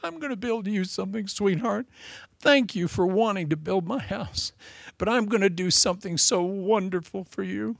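A man voicing God as a tender, fatherly male figure, speaking softly and affectionately in a sermon. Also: high-pitched, normal speed, vocal fry, no room sound. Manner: soft and affectionate.

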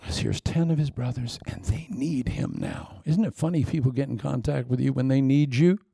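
Gravelly, dark-voiced man preaching a sermon. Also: mid-range voice, moderate pace, no room sound. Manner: animated storytelling with vocal sound effects and sudden asides.

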